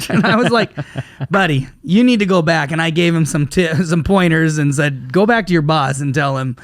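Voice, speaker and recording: A man's voice: a little high, normal speed, no echo, studio quality. A man co-hosting a casual business podcast, telling stories animatedly and acting out the back-and-forth of quoted conversations. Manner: animated storyteller, acts out quoted exchanges. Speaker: podcast co-host.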